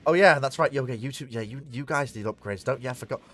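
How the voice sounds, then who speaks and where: A man's voice: mid-range voice, fast talker, a bit bright. A man casually commenting while he plays a strategy game on a live stream, rambling and talking to himself and to the game. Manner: rambling, talks to himself and the game, self-mocking.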